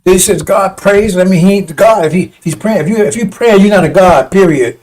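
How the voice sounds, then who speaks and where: A man's voice: sits high, fast, darkish tone, rough recording. A man preaching in a combative, rambling way, often breaking off to ask "see?". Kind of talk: fiery preaching broadcast.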